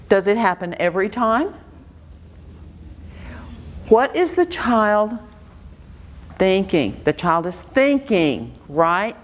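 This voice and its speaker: A Montessori educator leads an interactive workshop lecture in a lecture room, quizzing the audience with rapid-fire questions. Her delivery is slow and deliberate, though her pitch rises and falls in a lively way.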